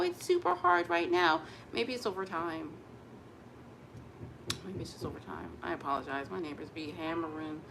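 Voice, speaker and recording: An expressive woman talking casually to camera from home, her voice sitting at an ordinary middle pitch. She speaks openly and emotionally, chatty and candid. A faint hum of noise sits under her voice. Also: creaky. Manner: chatty and emotionally expressive, breaks into gospel singing. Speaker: vlogger.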